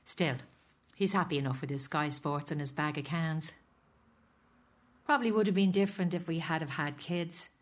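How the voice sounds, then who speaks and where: A woman's voice: low voice, normal speed, lightly acted. Weary Irish foster mother, read by a woman. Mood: rueful. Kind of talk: first-person audiobook narration.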